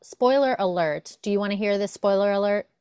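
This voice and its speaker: An enthusiastic woman in her thirties chatting casually as a podcast co-host. Her mid-pitched voice stays upbeat and friendly. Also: fairly quick, a little mellow, clear, resonant tone. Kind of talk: casual chat.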